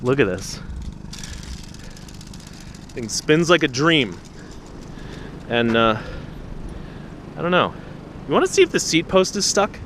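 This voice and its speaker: A man chatting to the camera while trash picking outdoors at night, excitable, through a small camera-mounted mic. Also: a little high, slow, pauses often, a little hiss or hum. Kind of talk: casual vlog narration.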